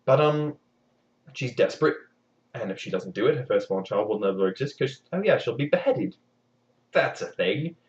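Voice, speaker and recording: A man's voice: mid-range voice, lively intonation, moderate pace, distant mic. A man retelling a fairy tale for comedy, full of wry, sarcastic asides. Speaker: storyteller. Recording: dull lo-fi recording.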